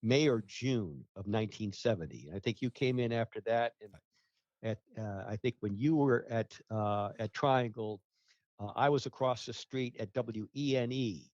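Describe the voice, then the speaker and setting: A man recalls his years in radio in an unhurried, rambling way. He stumbles over fillers and restarts. His voice sounds muffled and dry. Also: medium pitch, darkish tone, no room sound. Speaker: guest, radio ratings researcher. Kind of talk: casual interview talk.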